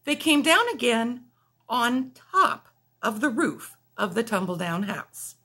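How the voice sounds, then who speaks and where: Teacher-type woman, storybook read-aloud, higher voice, animated, puts on playful character voices. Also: slow, breathy edge. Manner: lively, puts on voices for animals, laughs along.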